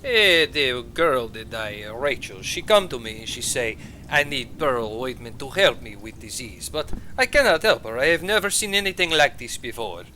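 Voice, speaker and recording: A man voicing a defensive, boastful male healer merchant who speaks halting broken English and opens lines with "eh.". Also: mid-range voice, animated, sharp tone, a little hiss or hum, rough recording. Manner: broken English with hesitant "eh" openings.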